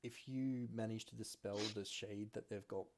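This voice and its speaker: A man narrating as game master, giving relaxed, matter-of-fact rulings with soft fillers. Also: lowish voice, normal speed, background noise. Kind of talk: narrating a tabletop game over a call.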